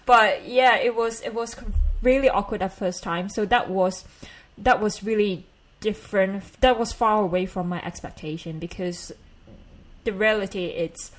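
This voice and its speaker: A woman's voice: medium pitch, normal speed, poor audio. A woman from Malaysia with a Malaysian accent, co-hosting a casual podcast chat in a rambling way with lots of fillers. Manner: giggly, rambling, many fillers. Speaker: podcast co-host.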